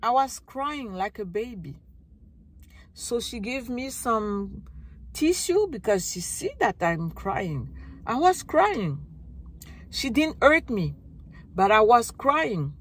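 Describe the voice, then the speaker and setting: Slow, halting woman telling her story. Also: fairly high pitch. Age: middle-aged. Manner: halting, searching for words, many restarts. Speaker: vlogger. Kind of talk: personal recovery vlog.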